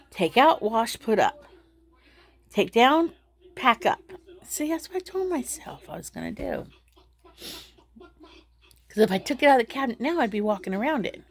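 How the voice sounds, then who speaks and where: Chatty middle-aged woman who laughs often. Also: on the high side. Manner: rambling, laughs through her frustration. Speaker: vlogger. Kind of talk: casual vlog chat.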